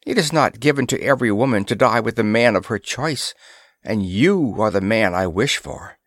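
A man's voice: fairly low pitch, lively intonation, normal speed, fairly bright tone, no room sound, studio quality. A man reading a pulp sci-fi story aloud, voicing a young alien princess who speaks in a formal, stilted way. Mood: earnest. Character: earnest alien princess, young woman, direct.

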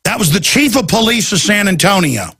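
A man's voice: sits high, very animated, a little fast, sharp tone, breathy edge, no room sound. A man hosting a talk radio show, delivering an urgent, emphatic ranting monologue.

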